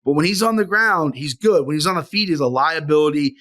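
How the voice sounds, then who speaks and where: Higher-voiced man giving sports picks. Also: brisk. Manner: animated, profane, laughs easily. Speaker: podcast co-host and analyst. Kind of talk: casual sports podcast chat.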